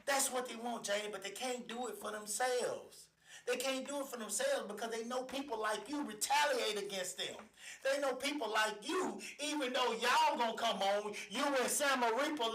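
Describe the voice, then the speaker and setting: A man hosting a live show, ranting loudly and repeating himself for emphasis. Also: very high-pitched, moderate pace. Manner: loud, confrontational, repeats phrases for emphasis. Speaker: host of a live online show. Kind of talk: fired-up live commentary rant. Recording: echoey room, faint noise.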